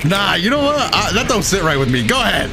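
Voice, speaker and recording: A man's voice: high voice, sing-song, fast. A young man playing a video game with friends, bantering and coaching his teammates. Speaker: gamer co-host. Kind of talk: casual gaming banter. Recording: game music very loud behind.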